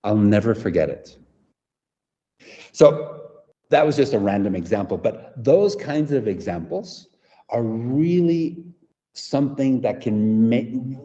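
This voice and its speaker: A man's voice: mid-range voice, big pitch swings, takes it slowly, warm tone. A man presenting an interactive workshop for English teachers, demonstrative and often checking in with the audience. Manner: demonstrative, keeps checking in with "right?". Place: conference venue away from home. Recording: echoey hall, dull lo-fi sound.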